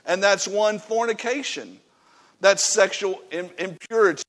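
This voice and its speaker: A man preaches to his congregation in a fairly high voice. He is emphatic and folksy. His delivery swings between loud, driving points and quiet, stern asides. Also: measured pace. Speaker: pastor. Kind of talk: sermon. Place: church.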